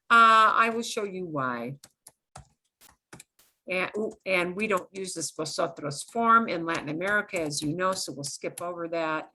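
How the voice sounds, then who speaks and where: A woman's voice: lowish voice, bright, forceful tone. A middle-aged woman teaching a Spanish class, explaining grammar step by step in a chatty way with fillers and asides.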